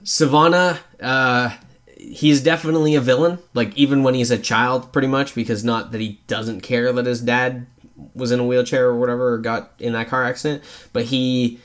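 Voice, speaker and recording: Animated swearing podcast co-host. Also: male voice, mid-range voice, normal speed. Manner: animated, acts out quotes in raised voices, swears freely. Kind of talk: casual movie review chat.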